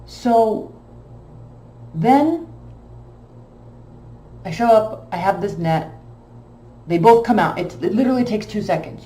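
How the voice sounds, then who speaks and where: A woman casually telling a long personal story, emotional and animated, with many fillers. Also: mid-range voice, measured pace, long pauses, roomy sound, a little hiss or hum. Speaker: tarot channel host.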